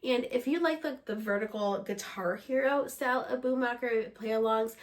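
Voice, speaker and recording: Woman music teacher, fairly high pitch, calm step-by-step explanation, slightly under the weather. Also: normal speed. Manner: explanatory, steady, breaks into short sung examples.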